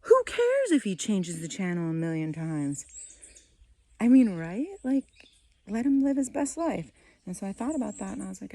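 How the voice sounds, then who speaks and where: A woman's voice: mid-range voice, very animated, brisk, creaky, warm tone, a little hiss or hum. A woman vlogging outdoors in a garden, chatting casually, laughing often and losing her train of thought. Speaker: vlogger and mother. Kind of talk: casual rambling vlog.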